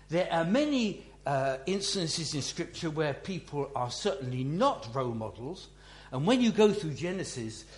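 Slow, musing man preaching in an echoey hall. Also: medium pitch. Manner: slow, musing delivery with many restarts. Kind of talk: Bible teaching talk. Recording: echoey room with faint hum.

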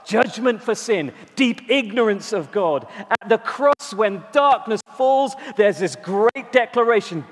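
A man preaching a sermon, emphatic, slowing down to stress key words and repeating them. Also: sits high. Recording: long reverb in a large hall.

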